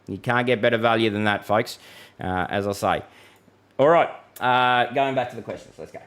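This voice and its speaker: A man's voice: lowish voice, normal speed, fairly bright tone. A middle-aged Australian man hosting a live weather stream, chatting casually and answering viewer comments in a matey way. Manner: chatty and matey, reads viewer comments aloud, laughs easily.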